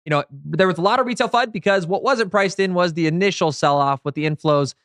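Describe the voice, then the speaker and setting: A man co-hosting a crypto show, giving his views in a casual, animated way. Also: sits high, fast, no room sound. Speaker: co-host.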